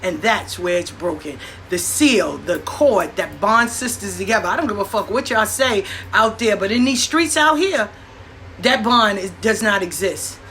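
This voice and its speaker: A woman's voice: mid-range voice, moderate pace, slight background noise. A woman, talking in a blunt, profane, storytelling monologue and acting out what people said. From New York. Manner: blunt, profane, animated with acted-out quotes. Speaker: host.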